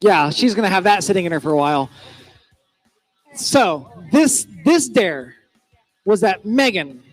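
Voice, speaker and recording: A man's voice: high voice, big pitch swings, a little slow, soft background music. A man co-hosting a youth church service, teasing and playful in joking banter.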